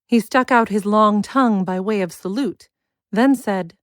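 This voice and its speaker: A woman narrates a children's fantasy story with measured, expressive pacing. Her voice sits at a middle pitch, recorded dry and close with no room echo. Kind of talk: scripted audiobook narration.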